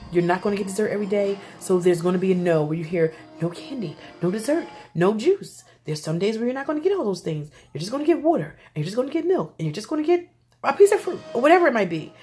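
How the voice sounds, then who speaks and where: A young adult woman, a mother, ranting casually to camera about parenting, animated and exasperated. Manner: animated, exasperated, pitch jumps up for emphasis.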